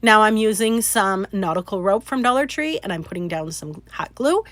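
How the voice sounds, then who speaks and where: Chatty, excitable woman crafting. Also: medium pitch, normal speed, no echo. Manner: chatty, excitable, self-deprecating, lots of "um". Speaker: craft channel host. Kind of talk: casual how-to demonstration.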